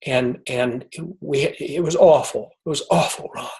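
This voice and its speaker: A man, a guest author, telling a personal story in conversation, halting and repeating words as he gets emotional. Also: medium pitch, darkish tone, rough recording.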